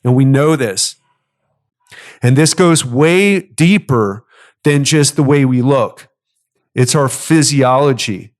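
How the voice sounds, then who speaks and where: A man's voice: medium pitch, takes it slowly, long pauses. Middle-aged male podcast host, persuasive coach monologue, mid-range voice. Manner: earnest and persuasive, repeats key phrases.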